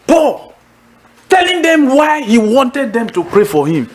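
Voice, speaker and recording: A man preaching a sermon in a lively, animated way, calling out questions for the congregation to answer. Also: extremely high pitch, slow, roomy sound, a little hiss or hum. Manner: animated, calls for congregation responses.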